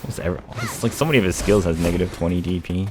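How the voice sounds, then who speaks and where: A man's voice: low-pitched, rapid-fire, background noise. A man in casual gaming chat as a streamer, swearing often and laughing as he retells what happened. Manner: swears often, laughs through retold stories.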